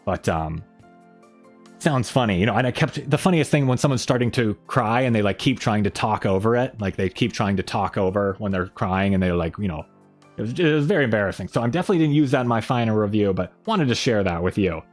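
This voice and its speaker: A man's voice: fairly low pitch, animated, fairly quick, faint music behind. A man hosting a casual live stream, rambling along and reading viewer comments aloud.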